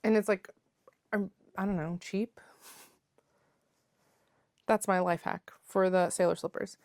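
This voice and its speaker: A woman's voice: medium pitch, fairly even intonation, a little slow, darkish tone, no room sound, clean studio sound. A woman chatting casually as a knitting vlogger, rambling with lots of filler words and calling her viewers besties. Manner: playful, calls viewers besties. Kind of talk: casual chat. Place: at home.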